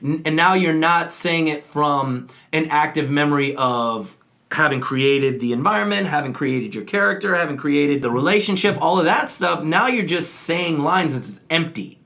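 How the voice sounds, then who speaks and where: A man co-hosting a chat about acting, explaining in an energetic, conversational way and often checking in with "right?". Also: on the high side, moderate pace. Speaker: acting coach and co-host. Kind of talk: casual instructional chat.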